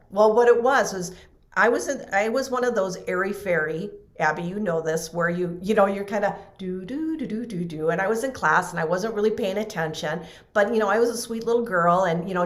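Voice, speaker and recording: A woman guest telling a personal story in conversation, animated and full of fillers. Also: medium pitch, brisk, roomy sound. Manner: animated, acts out quoted voices, many fillers. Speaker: interview guest.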